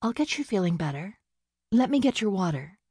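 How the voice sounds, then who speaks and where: A woman's voice: mid-range voice, sing-song, fairly quick, a little mellow, husky, no echo, clean studio sound, voice pushed up. A woman voicing an earnest, flustered young farm woman who speaks kindly and trips over her words when nervous. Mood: flustered, caring.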